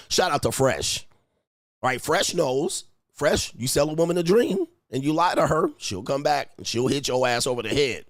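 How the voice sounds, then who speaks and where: A man's voice: mid-range voice, no echo, clean studio sound. Brash, mocking male livestream coach. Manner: brash, mocking, profane, often laughing. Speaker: dating and lifestyle coach, livestream host. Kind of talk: unscripted livestream commentary.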